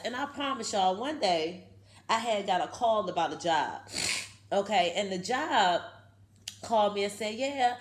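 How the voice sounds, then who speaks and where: A woman, giving a casual, emphatic motivational talk to her viewers and tagging many lines with "okay". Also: mid-range voice. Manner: chatty, emphatic, keeps saying okay. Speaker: video host.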